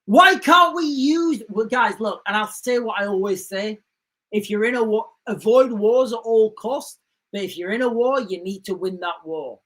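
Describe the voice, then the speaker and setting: A man hosting a live stream, rambling and animated as he talks to his viewers. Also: sits high, normal speed. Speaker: livestream host.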